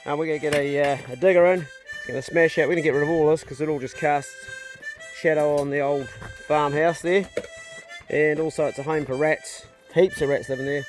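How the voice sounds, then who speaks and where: A man hosting a casual, jokey vlog tour of a farmhouse build site outdoors. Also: on the high side. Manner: chatty, jokey, matey. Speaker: vlog host.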